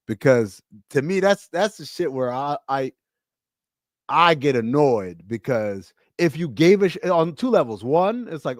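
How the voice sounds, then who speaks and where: Podcast host, a man with a higher voice, telling animated stories in a dry room. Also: moderate pace, dry recording. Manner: animated storytelling with acted-out quotes. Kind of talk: casual chat.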